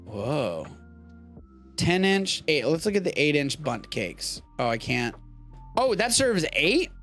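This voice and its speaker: A man's voice: a little high, sing-song, unhurried, fairly bright tone, soft background music. A young man from Texas hosting a live stream, chatting casually and riffing with profanity. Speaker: host of a live streamed show.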